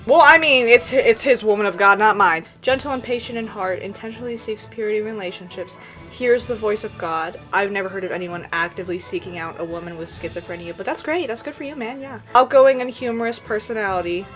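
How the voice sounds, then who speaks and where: A young woman giving sarcastic, animated comedic commentary on videos, with laughing asides. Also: medium pitch, a little fast, soft background music. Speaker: reaction video creator.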